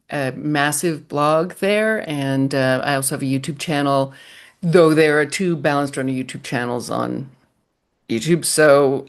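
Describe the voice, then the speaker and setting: A middle-aged woman who coaches running answers interview questions in a measured, thoughtful way, her voice sitting low.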